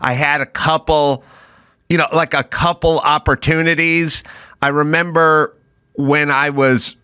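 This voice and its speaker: A man's voice: fairly high pitch, flat delivery, measured pace, pushed and bright, clean tone, no room sound. A man hosting a podcast, telling stories in a dry, offhand way. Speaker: podcast host. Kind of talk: casual podcast conversation.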